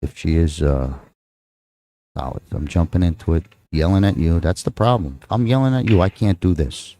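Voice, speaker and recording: A man's voice: low voice, expressive, normal speed, warm tone. A man with a Texan accent calling a live pool match, rambling and joking with his co-host between shots. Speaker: pool commentator. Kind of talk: live play-by-play commentary.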